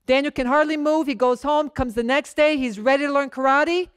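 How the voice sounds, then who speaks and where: Talking fairly quickly with fairly even intonation, a woman pastor delivers a conversational, story-driven sermon. She checks in with her congregation often and drops into a lowered voice to act out snippets of dialogue. The sound is dry and clean, as if from a studio.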